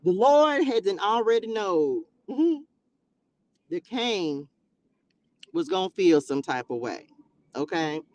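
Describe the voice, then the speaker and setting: A woman hosting a livestream who reads scripture and adds animated, slangy, joking commentary. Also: mid-range voice, slow pace, pauses often, lo-fi sound. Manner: animated, laughing, slangy asides. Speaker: livestream host reading scripture. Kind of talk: bible reading with casual commentary. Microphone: livestream mic.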